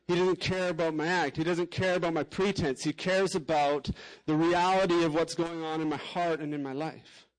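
A man's voice: high-pitched, low-quality recording. A man preaching a sermon as a pastor, candid and conversational, with frequent casual fillers.

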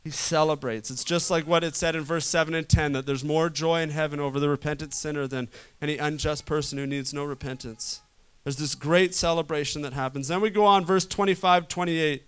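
A man preaching a sermon to a room, swinging from loud urgent stretches to quiet soft ones. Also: on the high side, fairly even intonation, fairly quick, clear, resonant tone. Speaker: pastor.

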